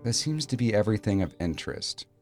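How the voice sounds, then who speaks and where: A man narrating as game master in a relaxed, halting way with many fillers. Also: on the low side, soft background music.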